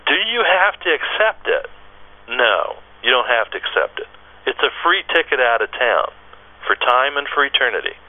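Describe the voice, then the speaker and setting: A man speaks as a guest on a radio show, explaining things in a casual but emphatic, folksy way and circling back to restart phrases. His voice sits at an ordinary middle pitch. The audio comes through thin and tinny, like a phone line. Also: sing-song, normal speed. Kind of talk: casual explanatory talk on end-times prophecy.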